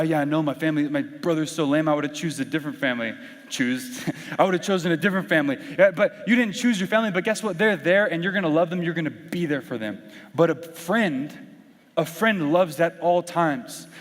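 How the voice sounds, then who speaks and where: A young man preaching to a youth group in a casual, animated storytelling way, slipping into acted-out quotes from friends. His voice sits fairly high for a man. The sound carries the long reverb of a big hall. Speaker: youth pastor. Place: large hall with audience.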